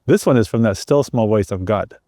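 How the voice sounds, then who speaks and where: A man's voice: on the low side, brisk, warm tone, no echo, clean studio sound. Earnest middle-aged man telling his story. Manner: earnest, repeats words and restarts often. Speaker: guest sharing a personal testimony.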